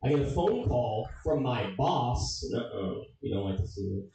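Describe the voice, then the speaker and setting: Young guy doing standup, swears a lot, pitch jumps all over, boomy room, mic far off. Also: moderate pace, vocal fry. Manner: animated storytelling, swearing, loud funny voices. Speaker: stand-up comedian. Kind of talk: stand-up comedy set. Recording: echoey room, distant mic.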